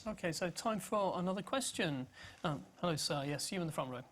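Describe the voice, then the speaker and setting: A man hosts the question session at a book event, his voice sitting fairly high. He speaks politely and keeps stumbling slightly over his wording as he moves between questions. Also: animated, a little fast, fairly bright tone, slight background noise. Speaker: event host. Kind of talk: hosting an audience Q&A.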